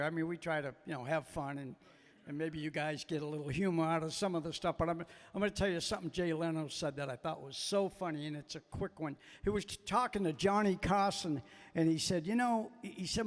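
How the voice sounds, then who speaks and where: A man's voice: a little high, in a large hall. A man hosting a live country show outdoors, chatting and joking between songs on a stage microphone. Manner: chatty, joking, quick to laugh. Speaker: bandleader and host. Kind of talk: casual banter between songs.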